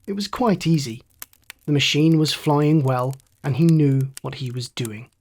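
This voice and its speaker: A male storyteller reads a bedtime tale in a slow, measured and soothing way. His voice sits a little high for a man. He keeps an even, unhurried calm throughout.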